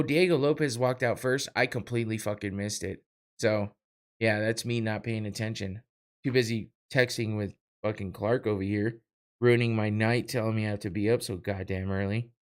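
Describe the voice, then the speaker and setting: A young man hosting a casual solo podcast, talking over a live fight with rambling, profane, self-mocking chatter and frequent laughs. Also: mid-range voice. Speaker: podcast host. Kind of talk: casual solo watch-party commentary.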